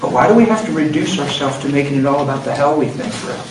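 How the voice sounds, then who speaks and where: A man's voice: a little high, expressive, quick pace. A man preaching a sermon, telling a story with emphasis and acting out the quotes. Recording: roomy hall, distant mic, background noise.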